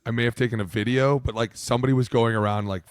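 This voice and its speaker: A man's voice: mid-range voice, quick pace, smooth, dry recording, clean studio sound. A man in his thirties, a podcast co-host and former football lineman, chatting casually, telling stories with lots of acted-out quotes and swearing. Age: 30s. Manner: animated storyteller, swears, acts out quotes. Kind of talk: casual chat.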